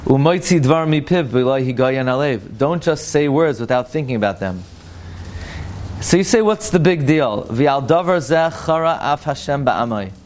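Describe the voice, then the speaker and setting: A man's voice: mid-range voice, expressive, moderate pace, darkish tone, a little hiss or hum. A man teaching a classroom lesson on Jewish law. He talks emphatically, repeats Hebrew words to correct their pronunciation and asks rhetorical questions. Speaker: Torah teacher.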